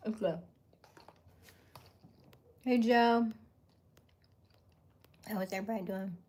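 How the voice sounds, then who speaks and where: Female livestream host, unhurried, chatty, greets viewers by name, frequent laughs and soft asides. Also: fairly high pitch, sing-song. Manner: talks while eating dinner; laughs often, drifts into soft half-whispers. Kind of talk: casual livestream chat.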